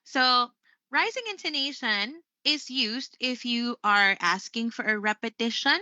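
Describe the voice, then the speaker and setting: A woman's voice: on the high side, measured pace, sharp tone, no room sound, muffled recording. A Filipino woman hosting a live English lesson, chatty, tagging "right?" onto most of her points. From Philippines.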